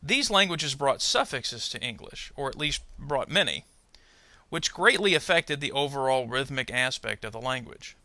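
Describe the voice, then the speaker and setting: Man, pronunciation teacher, careful narration, very bright tone, dry close sound. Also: mid-range voice, lively intonation, no echo. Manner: slow, careful, modelling word stress. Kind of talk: scripted instructional narration.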